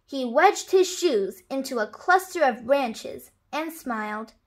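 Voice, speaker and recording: A woman reading a children's picture book aloud, with clear, expressive storytelling. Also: high voice, slow pace.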